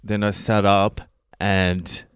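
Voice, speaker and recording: A middle-aged Australian man tells a story and drops swear words in almost every line, acting out his own reactions as he goes. His voice is low, smooth and clear, recorded very dry and close. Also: little pitch movement, takes it slowly, no echo. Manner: swears constantly, acts out his own lines. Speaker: comedian and podcast host. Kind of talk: profane comic storytelling.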